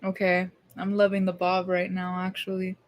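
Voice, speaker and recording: A woman's voice: fairly low pitch, monotone, moderate pace. A young woman vlogger talking casually to her camera, rambling, swearing and mocking herself.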